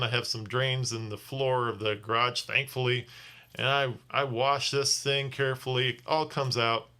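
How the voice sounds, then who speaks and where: Tired man rambling, bright voice. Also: medium pitch. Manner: rambling, restarts sentences often. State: tired from little sleep. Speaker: rideshare driver. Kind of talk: casual vlog storytelling.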